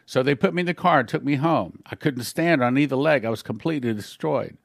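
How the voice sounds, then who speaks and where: A man's voice: mid-range voice, a little fast, gravelly, dry recording, clean studio sound. A man, a pastor, earnestly retelling a first-person testimony as a story for his listeners.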